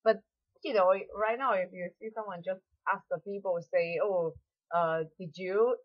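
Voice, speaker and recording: Low-voiced woman teaching. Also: steady tone. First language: Mandarin. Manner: explains patiently in halting English, slowly models phrases. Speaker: Mandarin teacher. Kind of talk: language lesson. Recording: dull lo-fi audio.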